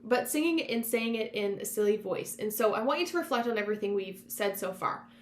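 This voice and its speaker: A woman's voice: medium pitch, expressive, a little fast. A woman hosting a self-help podcast, talking in an encouraging, conversational coaching manner, drawing on her past work as a counselor. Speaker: podcast host; former counselor. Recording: roomy echo with faint hum.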